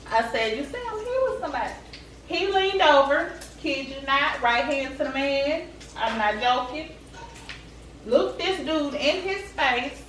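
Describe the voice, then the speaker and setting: A woman vlogger telling a story straight to her viewers in a chatty, animated way. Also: a little high, recorded from a distance, slight background noise. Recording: echoey room, away from the mic.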